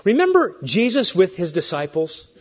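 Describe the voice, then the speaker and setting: A man in his sixties preaching a sermon as pastor, swinging between hushed asides and raised emphatic points with joking digressions. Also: sits high, huge pitch swings, normal speed, lo-fi sound.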